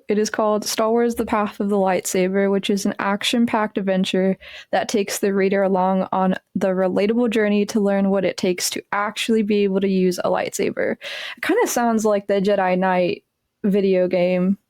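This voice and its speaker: A woman guesting on a podcast, reading a book description aloud at a steady pace with brief casual asides. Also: mid-range voice, moderate pace, dry recording, clean studio sound.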